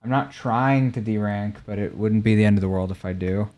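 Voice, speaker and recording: A young man talks casually through a game stream in a slightly low voice. He answers viewers' questions in a relaxed, chatty way. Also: fairly quick. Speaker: gaming streamer. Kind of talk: casual chat while showing game skins.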